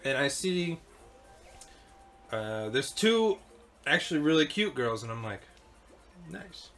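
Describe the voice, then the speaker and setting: Guy rambling thru a story, bright voice, laughs a lot, swears. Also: on the high side, big pitch swings, slow pace, faint music behind. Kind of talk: casual chat while gaming.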